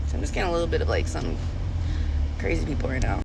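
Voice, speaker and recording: A woman's voice: very deep voice, big pitch swings, fast talker. Woman in her 30s rambling about her rides, swears a lot, laughs, car with faint street noise behind. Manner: chatty, profane, laughing often. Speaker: rideshare driver and realtor. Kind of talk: casual storytelling vlog. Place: inside a car.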